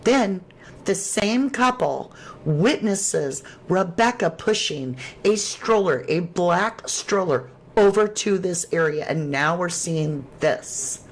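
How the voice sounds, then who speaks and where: A woman's voice: lowish voice, lively intonation, takes it slowly. A woman hosting a true crime livestream, reading chat aloud and reacting with sudden exclamations. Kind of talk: casual livestream commentary.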